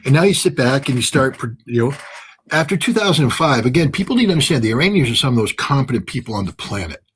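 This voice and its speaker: A man's voice: mid-range voice, very animated, quick pace, slight background noise. A man speaking as a guest analyst in an interview, blunt and sarcastic and often joking. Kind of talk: animated interview commentary.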